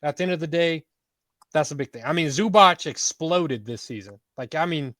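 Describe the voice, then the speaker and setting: A man's voice: on the high side, normal speed, bright, forceful tone, no room sound. A man co-hosting a casual sports talk show, rambling through his basketball takes in a laid-back way. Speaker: podcast co-host.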